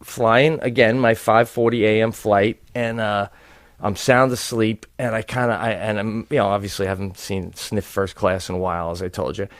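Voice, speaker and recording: Animated middle-aged man telling stories. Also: lowish voice, normal speed, no room sound, studio quality. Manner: animated storyteller, casual swearing. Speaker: podcast co-host. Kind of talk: casual comedic chat.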